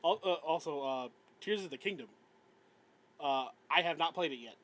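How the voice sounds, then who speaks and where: A man's voice: a little high, moderate pace, a bit bright, low-quality recording. A man co-hosting a podcast, chatting about games in a rambling way with frequent stammers and giggles. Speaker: podcast co-host. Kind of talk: casual gaming chat.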